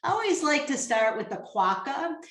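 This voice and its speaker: A woman's voice: sits high, big pitch swings, normal speed, reverberant. A woman giving an upbeat live online talk, laughing often and speaking directly to her audience over a webcam. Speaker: motivational speaker. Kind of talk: live webinar presentation. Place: home office on a webcam. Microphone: webcam or computer mic.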